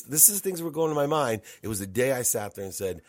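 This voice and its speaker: A man's voice: mid-range voice, expressive, fast, hardly any pauses, no echo, clean studio sound. A middle-aged man, a podcast guest, telling his story candidly and emphatically, repeating words and restarting sentences. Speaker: podcast guest, entrepreneur and coach. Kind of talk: candid personal storytelling in conversation.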